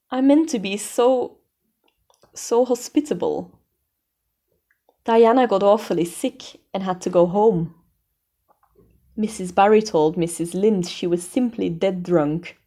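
A woman's voice: medium pitch, takes it slowly, long pauses, warm tone. A woman voicing a dramatic, tearful young orphan girl who wails her woes. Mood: plaintive. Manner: wailing, melodramatic.

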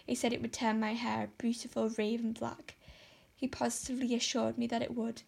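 A woman's voice: a little high, little pitch movement, brisk, vocal fry, darkish tone. A woman reading as a melodramatic despairing girl. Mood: pleading. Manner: melodramatic, pleading, overwrought. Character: dramatic, despairing young girl. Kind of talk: audiobook character voice.

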